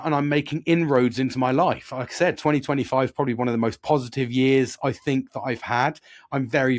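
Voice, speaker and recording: An earnest British man in his forties speaks in a reflective podcast monologue, swearing freely and circling back on himself with restarts. His voice sits at an ordinary pitch for a man. The recording is dry, with no room sound. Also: dry recording. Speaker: podcast host.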